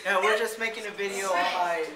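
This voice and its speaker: A man's voice: sits high, steady tone, a little fast, over a noisy crowd. A man casually telling a rambling, jokey childhood story, swearing now and then, in a school hallway. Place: school hallway outside a band room. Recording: echoey hallway.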